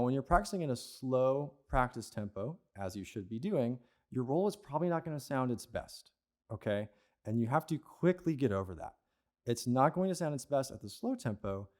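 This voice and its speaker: A young man with a mellow, relaxed tone gives a patient, step-by-step percussion lesson. He often checks in with the listener with a quick "okay?" or "right?". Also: medium pitch. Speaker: percussion teacher. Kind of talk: instructional lesson.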